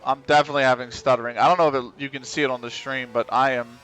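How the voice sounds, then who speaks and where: A man's voice: mid-range voice, steady tone, racing, fairly bright tone, clean tone. A man streaming a racing game live, chatting to himself in casual commentary, swearing and grumbling as he drives. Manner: muttering to himself, swearing, frustrated laughs.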